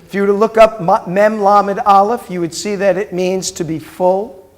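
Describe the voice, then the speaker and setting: A middle-aged rabbi teaching a Hebrew class patiently repeats words aloud while quizzing his students, mixing lecture with questions. His voice sits high, with a level tone and a normal pace.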